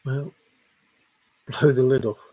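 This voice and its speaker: A man's voice: mid-range voice, fairly even intonation, slow pace, warm tone, breathy edge, no room sound. A man hosting a casual livestream, reading viewer comments aloud and teasing them with a rambling, chuckling manner. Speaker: livestream host.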